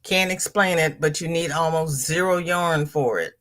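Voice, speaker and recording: A woman's voice: sits low, normal speed, fairly bright tone. A woman hosting a casual livestream from home, reading viewers' comments aloud and answering them in a chatty way. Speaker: livestream host.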